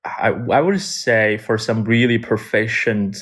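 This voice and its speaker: A man's voice: on the low side, measured pace, fairly bright tone. A man with a Chinese accent, chatting casually as an English conversation partner on a livestream, hesitant and agreeable. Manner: hesitant, many restarts and fillers, agreeable. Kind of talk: casual livestream chat mixing English and Mandarin.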